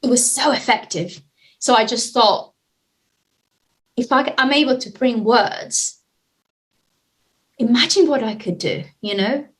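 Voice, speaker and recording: A woman in a casual interview, telling a personal story with lots of fillers and lively retellings. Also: on the high side, measured pace, pauses often, rough recording. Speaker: guest, nonviolent communication trainer.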